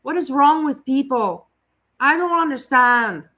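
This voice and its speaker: Blunt mocking woman commentator, bright voice. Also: high-pitched, animated, a little slow. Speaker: commentary host. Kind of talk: reaction commentary on a clip.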